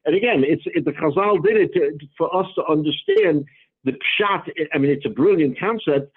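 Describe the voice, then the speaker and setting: Male rabbi leading a Talmud class, patient and halting, slightly high, tinny audio. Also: husky. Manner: halting, repeats words, explains patiently.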